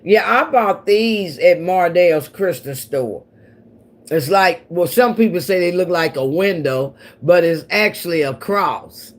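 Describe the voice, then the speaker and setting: This woman speaks unhurriedly in a fairly low-pitched voice. Hosting a casual livestream, she rambles in conversation with viewers and laughs a lot; she's from the central United States, namely Missouri and Oklahoma.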